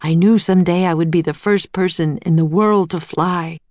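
A woman voicing a heartbroken older male inventor, speaking quietly and wearily in a storybook reading. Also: steady tone, normal speed, no echo, lightly acted. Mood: sorrowful. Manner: quiet, weary and low.

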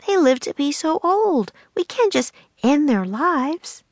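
Brief: woman reading as a cheerful, bold young girl, pitched up, bright and eager, close dry audiobook sound. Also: very animated, dry recording, full character voice. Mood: earnest. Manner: bright, eager, quick to reassure. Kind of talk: audiobook character voice.

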